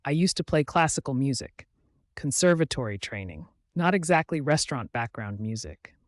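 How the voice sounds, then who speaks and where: A grieving young waitress who once lived for the violin, voiced plainly by a man. She speaks softly and hesitantly, tired and resigned. The sound is dry and close. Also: medium pitch, very animated, moderate pace, no echo, lightly acted. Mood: sad, resigned.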